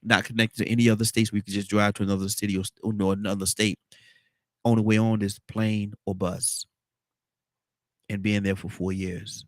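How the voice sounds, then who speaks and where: A man's voice: fairly low pitch, flat delivery, brisk, dry recording, studio quality. A man hosting a casual morning talk show, rambling and repeating his words. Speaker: host.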